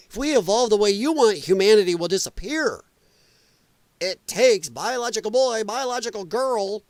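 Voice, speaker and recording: A man's voice: very high voice, fairly bright tone, dry recording. A man hosting a live political commentary stream, reacting bluntly and profanely to clips and laughing often.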